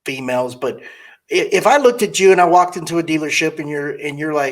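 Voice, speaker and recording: A man's voice: fairly high pitch, fairly quick. Rambling man hosting a candid chat. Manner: rambling, acts out quoted customers in voices; blunt, candid opinions. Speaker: podcast host interviewing a car saleswoman. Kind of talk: casual interview chat.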